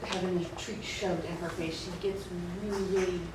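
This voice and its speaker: Low-voiced woman asking in class. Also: little pitch movement, moderate pace. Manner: chatty, asks informally. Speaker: seminar participant. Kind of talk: casual question in a class. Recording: roomy, distant mic with background noise.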